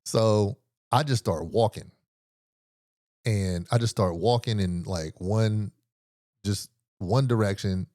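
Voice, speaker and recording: A man with a lowish voice telling a story in a laid-back, casual way, full of slang and swearing. He acts out other people's lines as he goes. The sound is dry and close, with no room echo. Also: slow, long pauses, a little mellow. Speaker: podcast host.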